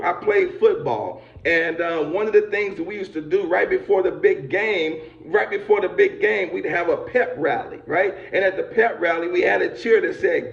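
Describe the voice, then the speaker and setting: Man, high gravelly voice, rousing motivational speaker with preacher fervor; echoey, lo-fi video call. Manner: builds to shouting, preacher-like fervor.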